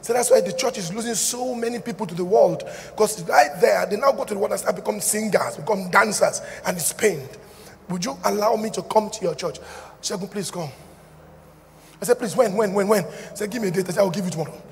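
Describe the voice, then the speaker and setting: A man's voice: high voice, fairly quick, slight background noise. A middle-aged man preaching a sermon, joking and acting out little dialogues as he goes. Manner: animated, jokey, shouts and acts out dialogue. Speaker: pastor. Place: large church hall. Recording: hall reverb with faint ambience.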